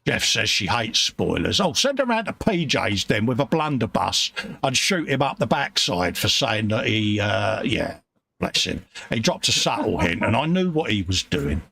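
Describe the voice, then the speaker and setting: A British man hosts a casual livestream from his home hobby workshop in a gravelly, rough-edged voice. His pitch bounces around as he jokes and reads out viewer comments in a chummy way. A faint hiss of noise sits under the talk. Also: sing-song, moderate pace, pushed and bright. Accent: British English. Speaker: livestream host. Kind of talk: casual chat.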